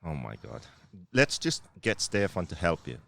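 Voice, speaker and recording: Male podcast host, very low voice, sarcastic teasing banter. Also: big pitch swings, normal speed, vocal fry, a bit bright. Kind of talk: casual chat.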